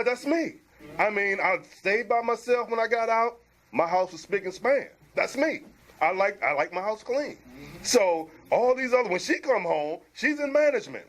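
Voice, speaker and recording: A man in a barbershop group talk, telling animated stories about his marriage and doing chores. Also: high-pitched. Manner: animated, emphatic storytelling. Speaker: barbershop discussion participant. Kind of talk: casual group chat.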